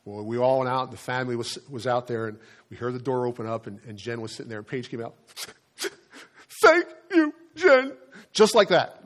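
A middle-aged pastor talks fast in a mid-range voice while preaching a sermon. He tells stories in a relaxed, conversational manner and often repeats words along the way.

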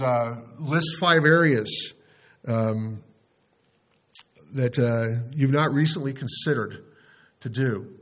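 A man leading a Bible study sermon, speaking plainly and earnestly, with frequent fillers and restarts. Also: medium pitch. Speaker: pastor.

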